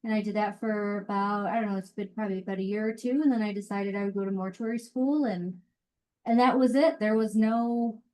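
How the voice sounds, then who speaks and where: A woman's voice: on the high side, a little mellow. A woman funeral director answering interview questions in a frank, matter-of-fact way. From Colorado. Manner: frank, matter-of-fact, speaks her mind. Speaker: funeral director and mortuary educator.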